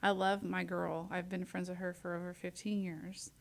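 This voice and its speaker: A woman hosting a community radio talk show, loud and close to the mic, chatting casually with plenty of fillers. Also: on the low side, flat delivery, moderate pace, creaky. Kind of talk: casual interview chat.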